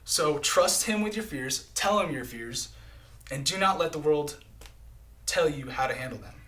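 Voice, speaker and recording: A man's voice: on the high side, animated, moderate pace, a bit bright. A man preaching a live-streamed sermon in an earnest, conversational way, often checking in with "right?" and "okay?".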